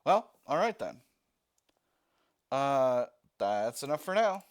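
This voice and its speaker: A man playing a text-based war game, reading the narration aloud and thinking out loud as he picks options. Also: mid-range voice, big pitch swings, slow. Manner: reads narration, thinking aloud with fillers and restarts. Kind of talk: let's-play narration.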